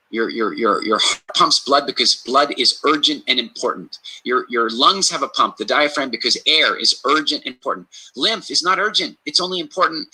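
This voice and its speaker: A man giving health advice on a podcast in an energetic, emphatic conversational way, repeating key phrases for stress and acting out little stories. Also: mid-range voice, slightly rough, low-quality recording. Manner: storytelling, acts out quoted reactions.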